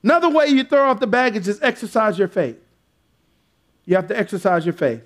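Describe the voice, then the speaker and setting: Male pastor, very high voice, sermon with call-and-response, builds to shouting. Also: very animated, a little fast.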